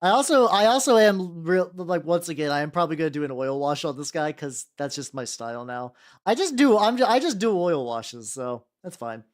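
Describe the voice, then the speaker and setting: A man's voice: on the high side, animated, fairly quick. A young man streaming as a VTuber, chatting casually and rambling while he paints miniatures, with frequent restarts and self-deprecating jokes.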